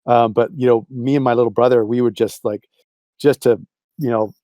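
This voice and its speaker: An enthusiastic man with a Canadian accent talks loosely and at length, with frequent laughs. His voice is mellow and warm. The sound is dry and close. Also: medium pitch, steady tone, brisk, no echo. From England, Cornwall. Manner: enthusiastic, rambling, laughs often. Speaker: video game composer and voice director. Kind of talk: casual interview chat.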